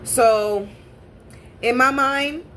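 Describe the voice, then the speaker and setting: A woman's voice: high voice, extremely slow, a bit bright, slight background noise. A woman telling a personal story in a casual, blunt and profane way, repeating points for emphasis. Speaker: spiritual reader and channel host.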